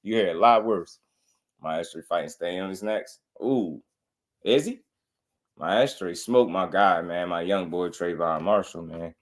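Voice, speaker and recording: A young man hosting a casual boxing commentary livestream, talking in slangy, laid-back banter, laughing often and giving shout-outs to chat. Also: low-pitched, a little slow. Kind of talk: casual live-stream commentary.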